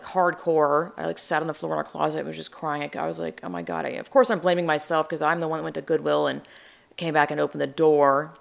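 Young woman, low and gravelly, casual rambling storyteller. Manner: rambling, chatty, acts out quotes.

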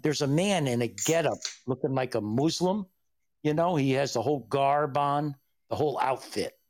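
A man's voice: mid-range voice, moderate pace, darkish tone. A man in casual chat, telling crude rambling stories and laughing at his own jokes. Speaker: regular on a casual chat show.

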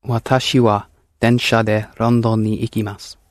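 A man in a language class, giving careful, measured answers when the teacher prompts him. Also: fairly low pitch, little pitch movement, no room sound, clean studio sound. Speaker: student.

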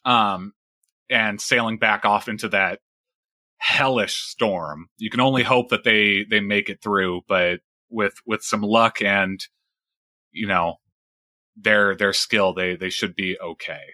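A man narrates a tabletop game as its game master, his voice a little low yet bright and forward. He talks loosely with plenty of fillers and restarts, recorded close and dry. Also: takes it slowly, dry recording.

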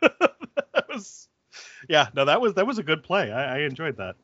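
A man's voice: a little high, big pitch swings, normal speed, bright, forceful tone, no room sound, lo-fi sound. A man co-hosting a podcast in casual chat, speaking hesitantly and laughing, over a remote call mic. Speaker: podcast co-host.

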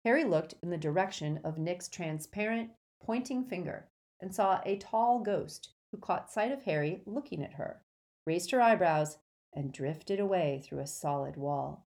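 A woman narrating an audiobook with a steady storytelling delivery. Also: fairly low pitch, measured pace.

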